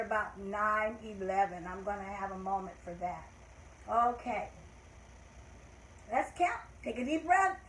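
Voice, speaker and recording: An older woman hosting a children's learning show, leading a calendar lesson in slow, encouraging teacher talk with cheerful call-outs. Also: a little high, echoey room, a little hiss or hum, poor audio.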